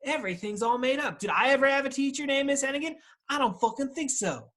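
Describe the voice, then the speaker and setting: A man's voice: extremely high pitch, lively intonation, fast, fairly bright tone. A man in his thirties hosting a solo podcast while stoned, rambling in a loose, profane way, laughing and talking back to himself over a video call. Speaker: podcast host.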